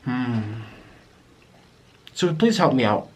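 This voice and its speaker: Young male mukbang vlogger, casual rambling chat between bites, mid-pitched voice with plenty of restarts. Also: big pitch swings, slow pace. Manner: chatty, rambling, with frequent restarts and aside remarks. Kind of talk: casual eating-video chat.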